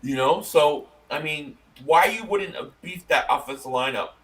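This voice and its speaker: A man's voice: on the high side, normal speed, a bit bright. A man co-hosting a casual sports podcast livestream, joking loosely and often restarting his sentences. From Italian-American. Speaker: podcast co-host.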